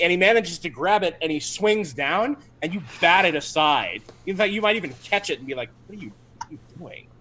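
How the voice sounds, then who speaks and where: A man's voice: on the high side, pushed and bright. A man acting as game master, narrating a tabletop game on a livestream in an easygoing, chatty way with frequent ums.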